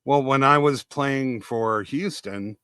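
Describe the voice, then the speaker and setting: A man's voice: mid-range voice, takes it slowly, a crowd in the background. An older American man in a casual podcast chat, wry and self-deprecating. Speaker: podcast co-host.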